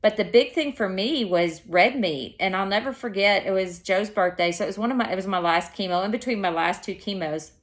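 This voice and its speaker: A woman's voice: medium pitch, fairly quick, few pauses. A woman chatting casually to camera, rambling and correcting herself mid-sentence as she tells her story. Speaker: vlogger.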